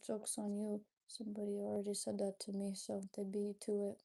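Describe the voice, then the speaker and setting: A young woman hosting a live stream, her voice gravelly with vocal fry and a mellow, dark tone. She talks at an easy, drifting pace, wandering between chat comments and casual asides. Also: medium pitch, little pitch movement. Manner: unhurried, drifting, chatty asides. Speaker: livestreamer.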